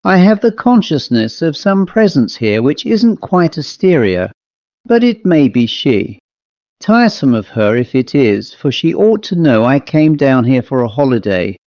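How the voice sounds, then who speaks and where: A man voicing a brisk, self-assured male medium in a crisp, chatty manner for an audiobook story. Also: sing-song, darkish tone, no room sound. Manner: crisp, chatty, lifted pitch. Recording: dull lo-fi dry recording.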